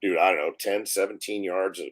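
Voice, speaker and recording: Animated man telling a film-set story. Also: sits low, brisk. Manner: animated storyteller acting out quotes, laughs often. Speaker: film director guest. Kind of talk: storytelling in a live interview. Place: live online stream.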